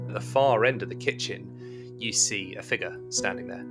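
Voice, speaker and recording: Low-pitched man as game master, measured horror narration, guitar music under. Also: creaky.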